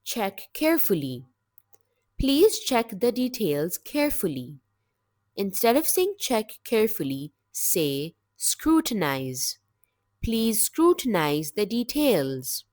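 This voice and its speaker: A woman's mid-range, very animated voice with a darkish tone leads a slow, carefully scripted English vocabulary lesson, each word delivered clearly and in measured fashion. The studio sound is clean, with no echo.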